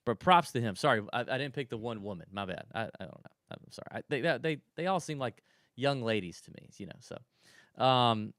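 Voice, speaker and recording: A man's voice: medium pitch, animated, brisk, fairly bright tone, dry recording, studio quality. A man co-hosting a podcast in casual chat, rambling through stories with frequent restarts. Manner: chatty, rambling storyteller with restarts. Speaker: podcast co-host.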